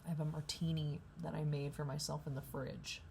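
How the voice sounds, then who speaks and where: A woman's voice: low voice, level tone, fairly quick, creaky, warm tone, slight background noise. A young woman rambling in a candid, profane vlog at a coffee shop, hungover. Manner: rambling, profane, self-deprecating. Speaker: vlogger.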